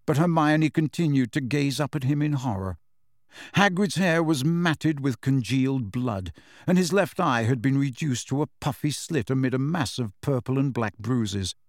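A man's voice: mid-range voice, moderate pace, no room sound. Man narrating an audiobook, dry and close. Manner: steady storytelling, voices the characters. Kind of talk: scripted narration. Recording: dry close studio recording.

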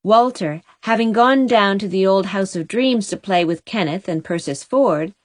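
A woman narrating a storybook chapter in a steady, expressive reading. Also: medium pitch, moderate pace, no echo. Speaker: audiobook narrator.

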